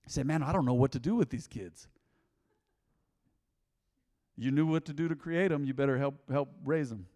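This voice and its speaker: A middle-aged male pastor preaching a sermon in an animated, conversational way, talking straight to the congregation. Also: medium pitch, fast, in a large hall. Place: large church auditorium.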